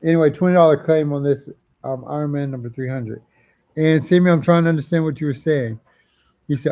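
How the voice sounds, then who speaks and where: A man's voice: fairly high pitch, a little fast, mellow, highs cut off. A man hosting a live comic auction stream, chatting casually, repeating prices and titles and reading out viewer comments.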